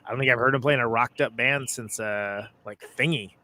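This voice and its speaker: A man's voice: mid-range voice, brisk, sharp tone. A man hosting a music podcast, chatting casually and joking with his guest. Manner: laid-back, joking, chatty. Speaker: podcast host.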